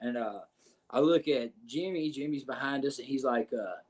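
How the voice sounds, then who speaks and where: A man who wrestles professionally tells stories on a podcast as a guest, swearing frequently and animatedly. He keeps checking in with "you know what I'm saying," speaking at a moderate pace in a medium pitch.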